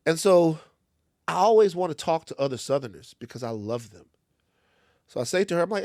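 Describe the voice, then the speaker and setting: In clean, dry studio sound, a fairly high-pitched man from Louisiana speaks briskly as a podcast co-host. He's in casual chat, animatedly telling a story packed with swearing and voices he acts out.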